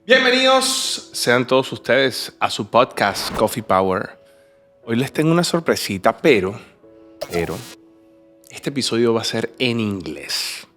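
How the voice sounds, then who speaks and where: A man's voice: mid-range voice, very animated, moderate pace, sharp tone, soft background music. Man hosting a bilingual podcast. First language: Spanish. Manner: enthusiastic, repeats and restarts, slips between languages. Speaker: podcast host.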